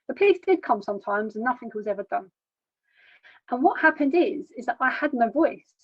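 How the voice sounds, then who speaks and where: A woman telling her own hard story in plain, halting words, often repeating herself. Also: a little high. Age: adult. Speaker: charity founder sharing her story. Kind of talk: personal testimony. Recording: dull lo-fi recording.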